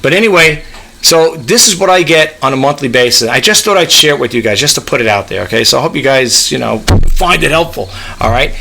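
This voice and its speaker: This eBay reseller vlogger, a man from New York on the US East Coast, speaks in a gravelly mid-range voice, fairly quick and expressive, over a noisy background. In a casual screen-share vlog about online reselling, he rambles and reads web pages aloud, checking in with "okay?" and "you know."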